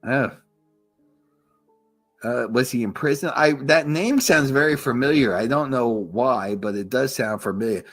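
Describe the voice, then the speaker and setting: A man's voice: mid-range voice, a little slow, soft background music. A man hosting a live stream in casual chat, rambling crudely and repeating himself.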